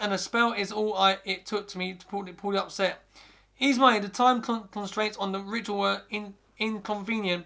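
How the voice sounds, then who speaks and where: Podcast host reading horror, stumbles often, bright tense voice, high pitch. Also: male voice, creaky. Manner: first-person narration with frequent stumbles and restarts. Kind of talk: reading a scary story aloud.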